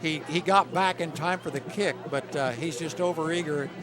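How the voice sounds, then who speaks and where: Folksy football color commentator. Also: male voice, a little high, normal speed, over music. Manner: folksy, analytical, conversational.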